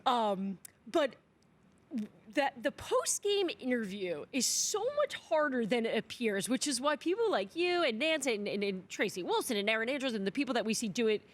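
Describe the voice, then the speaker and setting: A woman in her thirties who works as a sports reporter, talking quickly and chattily as a guest in a casual interview. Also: fairly high pitch, very animated.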